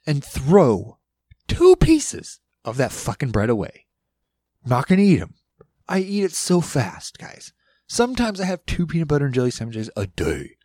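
A man talking casually on a podcast, loud, rambling and full of swearing. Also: on the high side, no echo, clean studio sound. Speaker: podcast guest. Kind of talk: casual monologue.

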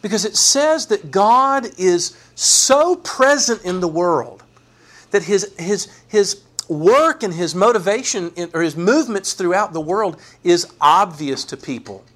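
A man preaching a sermon, animated and folksy, acting out sarcastic quotes. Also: high voice, measured pace. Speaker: pastor.

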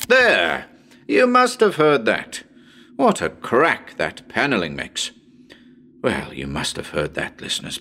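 A man reading a story aloud as a chatty radio presenter on a ghost hunt, who talks straight to the listeners, calls out, then drops to a hush. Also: on the low side, gravelly, exaggerated voice. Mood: excited.

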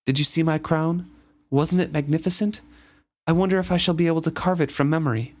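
A man's voice: on the high side, a little fast, darkish tone, pitched above the performer's own voice, lightly acted. A man doing an exultant mystic jester. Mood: eager. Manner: exalted and theatrical.

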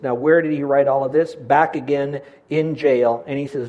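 An older man preaching a sermon as a pastor, telling stories with lively swings between loud and hushed delivery and stumbling over repeated words when excited. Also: mid-range voice, moderate pace, hardly any pauses, poor audio.

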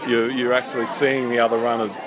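A man's voice: mid-range voice, flat delivery, fast talker. A man chatting enthusiastically about his parkrun course, interviewed in a busy cafe. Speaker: parkrun event organiser. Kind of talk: casual outdoor interview. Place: busy cafe outdoors after a run. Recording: crowd chatter behind.

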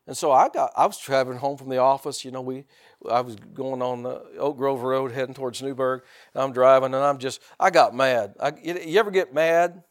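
A middle-aged pastor delivers a conversational sermon in a medium-pitched voice with fairly even intonation, speaking a little fast. He often repeats words, poses rhetorical questions to the congregation, and breaks into loud bursts.

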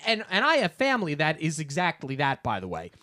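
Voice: mid-range voice, wildly swooping pitch, brisk, pushed and bright, no echo. Opinionated New Yorker, dry sound. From New York. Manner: opinionated, argumentative, many fillers and restarts. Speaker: podcast co-host. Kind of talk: casual review chat.

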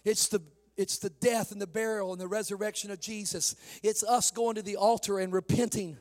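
High-voiced man preaching with passion. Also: fairly even intonation, moderate pace. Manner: impassioned preaching that swings from shouting to soft, calling listeners "honey"; laughs at his own jokes. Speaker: pastor. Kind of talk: sermon.

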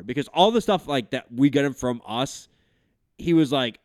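Animated storytelling dad, dry mic. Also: male voice, medium pitch, normal speed, no room sound. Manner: animated storyteller, swearing, many fillers. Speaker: podcast host. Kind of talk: casual chat.

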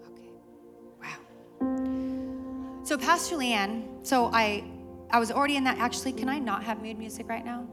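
A woman pastor preaching a sermon to a live congregation, animated and conversational with self-deprecating humor. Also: a little high. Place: church service with live audience.

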